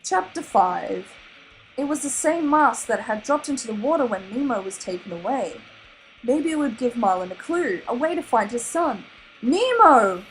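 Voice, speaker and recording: A woman's voice: on the high side, normal speed, soft background music, low-quality recording. Australian woman reading a storybook aloud. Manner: animated, laughs at her own slips. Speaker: reader.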